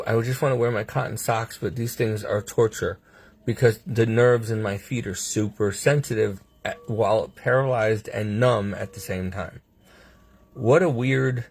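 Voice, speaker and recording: Husky-voiced man giving a wry hospital update. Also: on the low side. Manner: wry, sarcastic, acts out the doctors and himself; laughs between remarks. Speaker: patient sharing a hospital update. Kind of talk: casual video diary. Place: hospital room.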